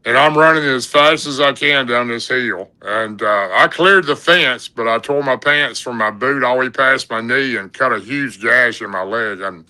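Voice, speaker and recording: A man with a drawl spins a long story in a loose, folksy way, stringing his sentences together with "and, uh". His voice is strikingly bright and forceful, sitting at an ordinary male pitch. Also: moderate pace, hardly any pauses, rough recording. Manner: rambling, folksy, lots of "and, uh". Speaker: podcast guest telling an encounter story. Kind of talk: casual storytelling.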